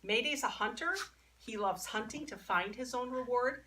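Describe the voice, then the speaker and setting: A woman's voice: on the high side, normal speed. A woman dog trainer talking casually while she works with her dog, explaining as she goes. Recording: distant mic, faint background noise.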